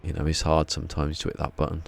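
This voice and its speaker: Man, English accent, very deep voice, gravelly fry, rambling live-stream chat, drowsy. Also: monotone, quick pace, slight background noise. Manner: chatty, rambling, chuckles while reading chat. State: a bit drowsy.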